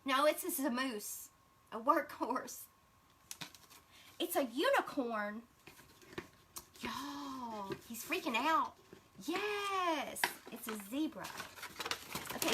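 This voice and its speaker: Gushing woman, high and bright. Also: slight background noise. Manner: gushing, chatty, addresses viewers as y'all. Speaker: craft livestream host. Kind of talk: casual livestream chat.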